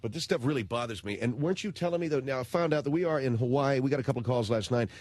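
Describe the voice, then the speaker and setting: A man's voice: mid-range voice, rapid-fire, darkish tone, no echo. A man hosting a radio talk show, ranting in a blunt, slangy, indignant way into a studio microphone.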